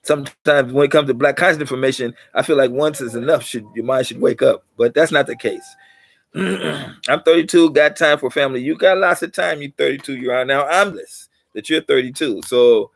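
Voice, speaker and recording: A man's voice: medium pitch, moderate pace, gravelly. A middle-aged man hosting his own channel, talking to viewers in a rambling, preachy monologue that repeats its points and livens up to drive them home. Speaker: channel host.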